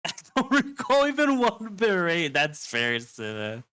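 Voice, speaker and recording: Laughing young Brazilian man, bright voice. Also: high voice, a little slow, clean tone, low-quality recording. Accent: Brazilian Portuguese. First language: Portuguese. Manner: laughing, relaxed, rambling. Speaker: guest. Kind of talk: casual chat.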